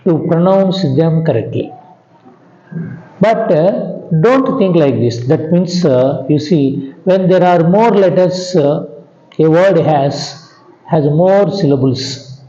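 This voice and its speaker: In a bare-sounding room with dull, echoey, lo-fi audio, a male grammar teacher of English lectures his class patiently. His Indian English accent comes through in a high, mellow tone, and he goes slowly over the same points again and again. Sentences end on a dropping pitch, and he keeps asking "understand?" to make sure students follow.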